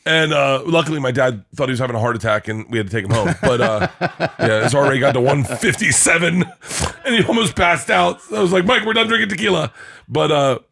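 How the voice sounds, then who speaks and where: A man's voice: mid-range voice, fast, creaky, fairly bright tone. A middle-aged man spins a story on a podcast in loose, meandering bursts. He curses casually and breaks into laughter as he goes. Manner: rambling storyteller, swears freely, laughs often. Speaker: podcast co-host. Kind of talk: casual chat.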